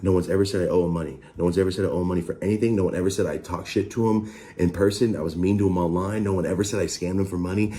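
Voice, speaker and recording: A man telling a heated story about a falling out, profane and animated, often mimicking the other person. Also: deep voice, rapid-fire. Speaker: online creator recounting a dispute. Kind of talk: heated podcast rant.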